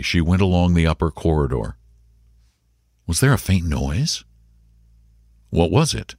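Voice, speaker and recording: A man with a deep voice reads a story aloud with a very expressive, wide-ranging delivery. He measures his pace and slows down for tense moments. The recording is dry and close. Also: no room sound. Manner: measured, slowing for suspense. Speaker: narrator. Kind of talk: dramatic story reading.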